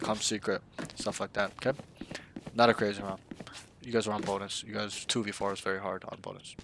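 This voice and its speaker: Blunt, slangy low-voiced male coach. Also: fairly bright tone, a little hiss or hum. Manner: blunt, slangy, swears, acts out callouts. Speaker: game coach. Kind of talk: casual coaching review.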